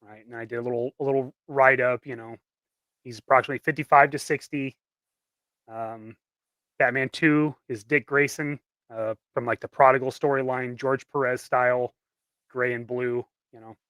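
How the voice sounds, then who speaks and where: A man chatting casually on a livestream, relaxed and hesitant, with many ums as he explains ideas. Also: mid-range voice, normal speed, no room sound.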